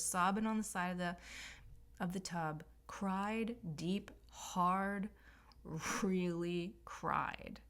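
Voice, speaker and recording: A woman's voice: on the low side, gravelly. A woman spiritual healer telling a personal story in a rambling, emotional, casual monologue. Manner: rambling, emotional, filler-heavy.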